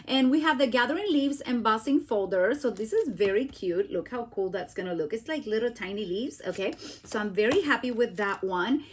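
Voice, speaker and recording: Chatty woman, fairly high voice. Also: lively intonation, brisk, a little hiss or hum. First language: Spanish. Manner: chatty and exclamatory, with frequent "like" and "okay?". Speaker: stamping demonstrator. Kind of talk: casual live craft demo.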